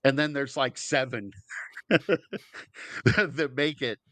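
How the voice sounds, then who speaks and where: Bright-voiced man reading odd news. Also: mid-range voice, very slow, no room sound. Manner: laughs easily, reads headlines aloud. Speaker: podcast co-host. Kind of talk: casual comedy chat, reading news.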